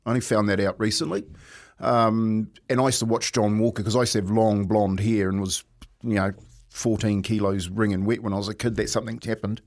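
A man's voice: lowish voice, flat delivery, brisk. A man, a sports pundit on radio, recalling sporting heroes of his youth. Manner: reflective, storytelling.

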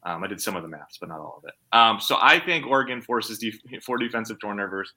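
A man in a casual sports chat, talking fast and rambling with self-deprecating asides. His voice is sharp and very bright. It sits somewhat low in pitch. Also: big pitch swings. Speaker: sports podcast co-host.

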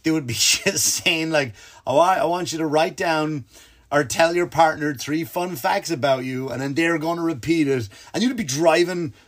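A man's voice: a little high, normal speed. Man, podcast host, casual comedic rant, swearing, exasperated, rambling. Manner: rambling, profane, exasperated storytelling; mimics other people in quoted bits.

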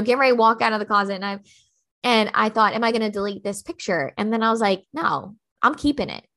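A woman's voice: medium pitch, fairly bright tone. A woman in her thirties hosting a podcast, telling a personal story in a chatty way with many fillers and restarts. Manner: chatty, fast, lots of "like" and restarts. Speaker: podcast host.

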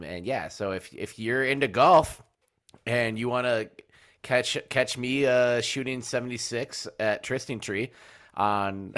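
A man's voice: on the low side, a bit bright, smooth. A man co-hosting a casual sports podcast, upbeat and chatty with frequent restarts. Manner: upbeat, plugs merch, stumbles and restarts. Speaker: podcast co-host.

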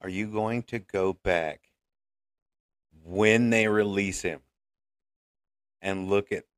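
A man's voice: lowish voice, fairly even intonation, takes it slowly, clean tone, dry recording, studio quality. A man co-hosting a podcast, teasing his partner in casual banter. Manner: laughing, teasing. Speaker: podcast co-host.

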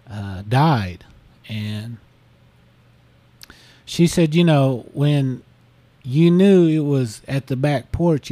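A man's voice: medium pitch, warm tone, dry recording. A man casually retelling a listener's story on a podcast, full of fillers and restarts. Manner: rambling, many fillers like "you know". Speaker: podcast host.

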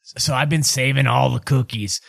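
A man voicing a sheepish, bumbling older husband in a tabletop game, slow and rambling. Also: medium pitch, steady tone, vocal fry, fairly bright tone, no echo, clean studio sound. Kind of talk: tabletop role-play voicing.

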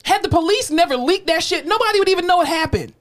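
A high-pitched woman in her thirties talks in a casual podcast chat, her voice swinging widely up and down. She is opinionated and animated, with frequent swearing and laughter. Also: fast. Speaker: podcast co-host.

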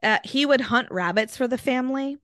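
A woman's voice: high-pitched, a little fast, no echo. Chatty woman storyteller, dry close sound. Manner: animated, filler-heavy storytelling. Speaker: podcast co-host. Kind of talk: casual storytelling chat.

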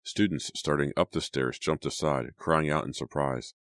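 Man, extremely deep voice, audiobook narration, steady and dramatic, dry close sound. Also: moderate pace, no room sound.

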